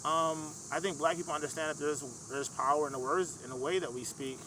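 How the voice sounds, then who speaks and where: Man, podcast guest, from michigan, bright, slightly high voice, earnest, analytical. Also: fairly even intonation, fairly quick, a little hiss or hum. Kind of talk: casual conversation.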